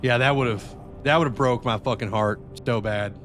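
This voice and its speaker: Man, streamer, casual gameplay chat, swears often, excitable, mid-range voice, faint background music. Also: mid-range voice, moderate pace. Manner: profane, excitable, talks to chat.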